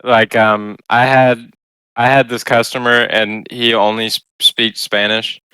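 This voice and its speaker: A young man chatting casually on a podcast, giggly and loose, quick to joke. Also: medium pitch, level tone, pushed and bright, clear, resonant tone, no echo. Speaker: podcast co-host. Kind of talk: casual storytelling chat.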